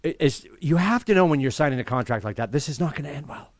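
A man co-hosting a casual sports podcast, ranting in an animated way and laughing as he talks. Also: a little high, fast, dry recording, clean studio sound. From New England. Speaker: podcast co-host.

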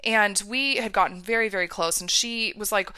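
Bright-voiced woman telling her own story. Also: medium pitch, moderate pace, clean tone, dry recording, studio quality. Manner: emphatic, candid, acts out remembered dialogue. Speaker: podcast host. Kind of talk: personal storytelling monologue.

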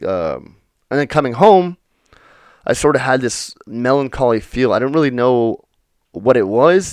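A man's voice: mid-range voice, no echo, studio quality. A young man hosting a podcast, telling stories off the cuff in a rambling, profane way with lots of fillers. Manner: rambling and profane, full of "you know" fillers. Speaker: podcast host. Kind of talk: unrehearsed storytelling monologue.

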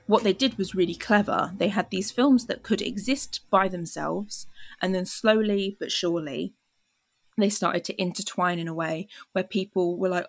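A woman's voice: lowish voice, normal speed, creaky. A woman hosting a podcast in casual film chat, chatty with many fillers, acting out quoted lines. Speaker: podcast host.

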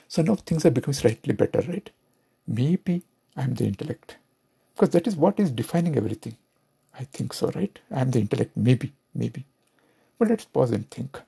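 Man, Indian English accent, reflective spiritual talk, dark mellow tone, gravelly. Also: medium pitch. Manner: questioning, rhetorical. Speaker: spiritual teacher.

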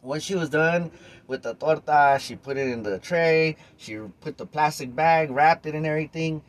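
Animated higher-voiced Los man. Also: normal speed. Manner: animated, talks to listeners directly, casual swearing. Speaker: podcast host. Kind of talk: casual storytelling monologue.

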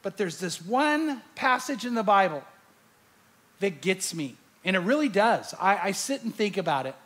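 A male pastor with a high-pitched voice tells a story to a large audience. He is animated and acts out his own fright before turning to scripture. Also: moderate pace. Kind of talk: sermon with storytelling.

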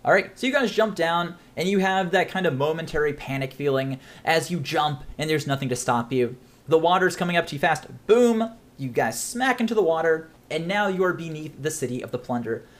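A man's voice: on the high side, lively intonation, a little fast. Chatty man running a tabletop game. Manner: chatty, laughs often, loose and rambling. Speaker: game master.

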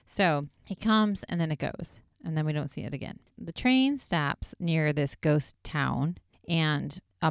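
Low, smooth-voiced chatty woman. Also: dry recording, studio quality. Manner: chatty, lots of "like", wry asides. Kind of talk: casual episode recap.

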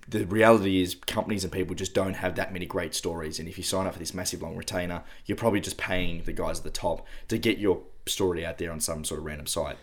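A man, co-hosting a podcast in relaxed casual chat, often repeating words as he starts. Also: low voice, fast talker. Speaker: podcast co-host.

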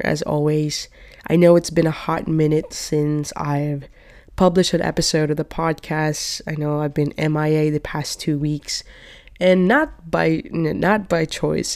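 This woman in her twenties hosts her own casual solo podcast on a podcast microphone, her low voice a little mellow. Still a bit sick, she rambles along, sprinkling in "like" and "you know."

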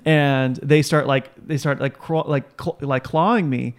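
Brief: young male co-host, lively storyteller, does voices in his anecdotes. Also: medium pitch, measured pace, clear, resonant tone. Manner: animated storyteller, acts out voices. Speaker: podcast co-host. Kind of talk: casual chat.

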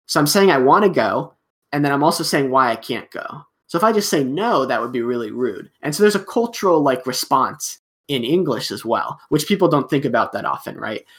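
American man, guest on a chat podcast: easygoing explainer who acts out short exchanges, mid-pitched voice. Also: lively intonation, brisk, a bit bright. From United States. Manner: explanatory, acts out little dialogues, many fillers. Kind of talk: casual chat.

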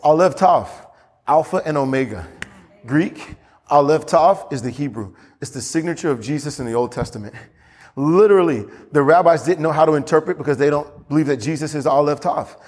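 Man, pastor, sermon, fairly high voice, lively preaching, echoing church hall. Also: fairly quick. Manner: animated preaching, rising high when acting out scripture.

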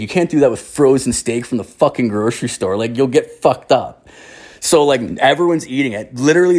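Young guy with a mid-range voice, telling a long rambling story, swears a lot and leans on fillers. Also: mid-range voice. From Canada. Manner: rambling, profane, heavy on filler words. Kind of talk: casual storytelling.

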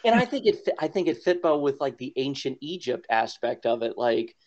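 A man's voice: medium pitch, big pitch swings, brisk, darkish tone. A man co-hosting a podcast in casual chat, rambling with lots of fillers and frequent laughs. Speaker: podcast co-host. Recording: dull lo-fi podcast audio.

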